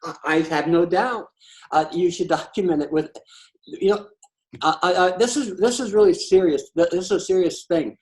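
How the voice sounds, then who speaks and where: A man's voice: high voice, moderate pace, darkish tone, rough recording. A man talking in a casual, conversational storytelling style, blunt and profane, often stammering and restarting his sentences. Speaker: patio chat host.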